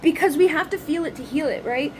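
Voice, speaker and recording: A woman's voice: high-pitched, fairly quick, noisy background. A woman who runs a spiritual reading channel, talking in a casual, rambling monologue full of fillers, restarts and swearing. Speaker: spiritual reader and channel host.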